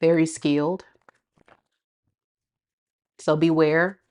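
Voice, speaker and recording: A woman with a fairly low voice gives a casual tarot reading. She talks in a chatty, slangy way, laughs often, and speaks straight to her viewers. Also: little pitch movement, very slow, darkish tone, clear, resonant tone. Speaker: tarot reader.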